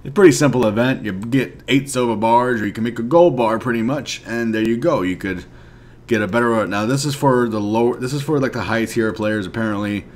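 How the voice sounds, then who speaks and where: A young man giving casual commentary on a mobile card game, ranting in frustration, swinging from mumbled asides to loud outbursts. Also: mid-range voice, a little fast, slight background noise. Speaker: mobile game video creator.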